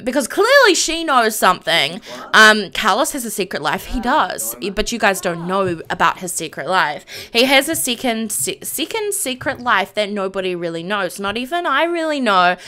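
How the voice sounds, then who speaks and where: A woman's voice: on the high side, sharp tone. A young woman streamer casually narrating a life-sim game, bubbly and giggly, with many fillers.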